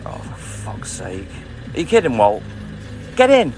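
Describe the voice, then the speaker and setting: A man's voice: fairly low pitch, sing-song, moderate pace, mellow, faint music behind. A man, a milkman streaming live from his van on his round, grumbling and swearing as he chats to viewers and his dog. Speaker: livestreaming milkman. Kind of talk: casual live-stream chat.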